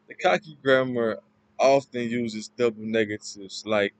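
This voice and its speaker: A man talks through a class presentation at an unhurried, slow pace. He explains haltingly and loosely. His voice sounds close and dry, with no room around it. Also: mid-range voice, fairly even intonation, dry recording, rough recording. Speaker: student presenter.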